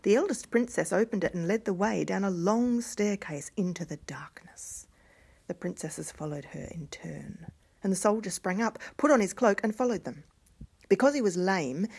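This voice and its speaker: Hushed, husky woman reading a fairy tale. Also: on the low side. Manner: hushed, often dropping to a whisper. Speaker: storyteller.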